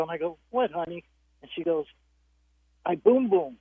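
An older man calls in with a story about his granddaughter, his voice husky and lively as he swings up into a child's voice for the quotes. He comes through a thin, phone-like line. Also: a little high, a little fast, pauses often, no echo. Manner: animated, mimics a child's voice. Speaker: caller. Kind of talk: telling a funny family story.

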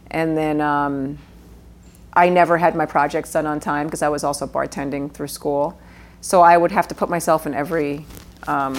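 A middle-aged woman from New York, a guest actress telling stories at home in a casual interview, swearing freely and laughing mid-story. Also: low-pitched.

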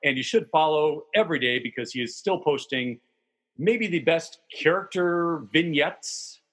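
A man's voice: on the high side, unhurried, fairly bright tone, breathy edge. A man hosting a baseball podcast, chatting casually and enthusiastically with his guest. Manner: chatty, enthusiastic, occasionally swears. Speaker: podcast host.

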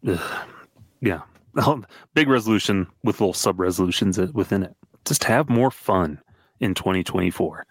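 Loose-talking young man, low voice. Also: expressive, moderate pace, slightly rough, dry recording. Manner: loose, lots of "like" and restarts. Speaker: podcast co-host. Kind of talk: casual sports chat.

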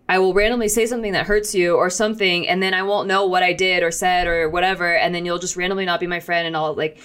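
A woman with a somewhat low voice talks in a loose, rambling way, stringing thoughts together with constant fillers. She sounds open and confessional as she chats with friends. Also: clean tone. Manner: rambling, heavy use of "like", soft and confessional. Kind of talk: casual chat.

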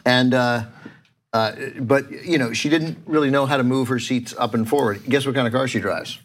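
A man in casual podcast chat, rambling through a story about his neighbor. He laughs often and slips into quoted voices, with his pitch sitting in the middle. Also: moderate pace, a little hiss or hum. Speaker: podcast host.

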